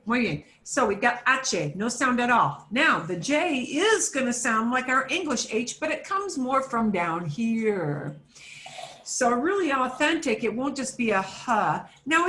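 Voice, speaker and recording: A woman's voice: fairly high pitch, a bit bright, roomy sound, slight background noise. A woman teaching an online Spanish class for beginners, patiently modelling words for students to repeat.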